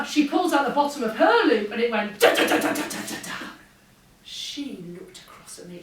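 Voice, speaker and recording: A woman, a former air force pilot, giving a lively motivational keynote and acting out the dialogue in her stories. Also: fairly high pitch. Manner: lively anecdotal, acts out dialogue. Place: large hall with an audience. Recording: echoey hall, distant mic, faint hum.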